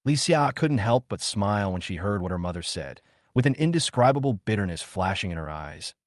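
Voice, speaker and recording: Man narrating, low voice, lively, dry close sound. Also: brisk, dry recording. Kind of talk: story recap narration.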